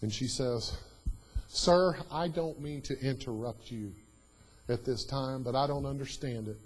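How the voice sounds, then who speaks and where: A man preaching a sermon in a church, telling a story that swings from hushed, quiet lines to loud, emphatic preaching. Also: mid-range voice, measured pace, husky, soft background music, rough recording.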